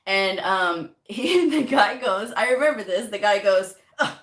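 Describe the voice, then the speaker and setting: A chatty woman speaking to her viewers at a middle pitch, lively in her storytelling and fond of acting out little quoted asides. Her voice carries a noticeable echo from the room around her. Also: measured pace. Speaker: medical coding vlogger. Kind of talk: casual motivational talk to camera. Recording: echoey room.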